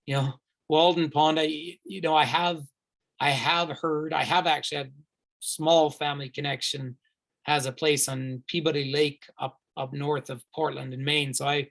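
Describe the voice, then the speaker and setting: A man who guides tours, answering viewer questions live in a chatty, rambling way with many fillers and restarts. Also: on the high side. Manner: enthusiastic, recommends warmly. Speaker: tour guide hosting a virtual tour.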